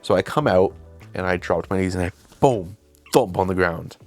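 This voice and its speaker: A man's voice: low voice, normal speed, no room sound, faint music behind. A young man hosting his own channel, telling a casual, rambling, self-deprecating story about making a film. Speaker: video host and filmmaker.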